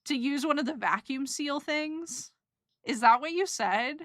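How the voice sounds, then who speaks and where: A young woman talks through her trip in a loose, rambling way, full of fillers, giggles and emotion. Her voice sits a little high and sounds bright. She takes her time, and the sound is dry and close. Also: lively intonation, unhurried, no echo. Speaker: streamer recapping a trip. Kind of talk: casual chat.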